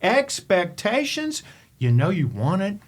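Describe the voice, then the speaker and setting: An older man from Kentucky, a podcast host and coach, telling a story in an animated, emphatic way and firing off rhetorical questions. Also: high-pitched, slow. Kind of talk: storytelling monologue.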